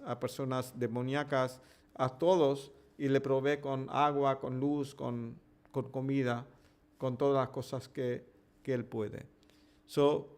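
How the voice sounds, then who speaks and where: A man teaching a devotional scripture class, stopping to translate himself line by line, with halting restarts. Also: medium pitch, a little mellow. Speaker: preacher.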